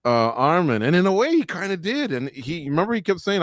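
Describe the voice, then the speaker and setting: A man's voice: on the high side, sing-song, a little fast, no room sound. Rambling man co-hosting, dry sound. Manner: rambling, reads out viewer comments. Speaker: co-host of a sports roundtable. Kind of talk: casual live-stream chat.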